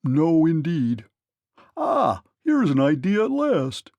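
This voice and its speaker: Man doing a high, eager scarecrow. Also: huge pitch swings, takes it slowly, vocal fry, a little mellow, no echo, highs cut off, heavily acted. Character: excitable straw-stuffed male scarecrow, boastful.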